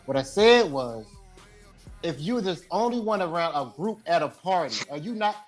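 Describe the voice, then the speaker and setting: Male panelist, blunt and animated, crude humor, light music bed. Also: on the high side, normal speed. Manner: animated storyteller, coarse joking asides. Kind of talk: casual debate chat.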